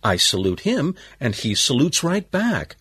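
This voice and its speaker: Proud, earnest small-time male crook in a cop's uniform, put on by a man narrator; husky, slow. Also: medium pitch, wildly swooping pitch, a bit bright, heavily acted. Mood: pleased. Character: small-time male pickpocket posing as policeman.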